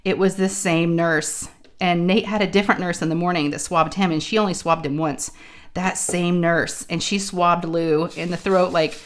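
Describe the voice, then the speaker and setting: A woman with a sore throat, telling a story in casual chat and acting out the people she quotes. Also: low-pitched. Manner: chatty, acts out quoted dialogue. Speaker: crafting channel host.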